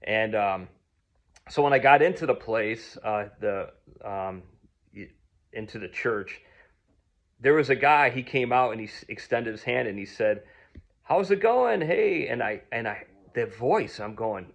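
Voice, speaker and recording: A man's voice: on the low side, a little slow. A man from telling a personal story in a casual, rambling way, full of ums and restarts. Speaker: vlogger.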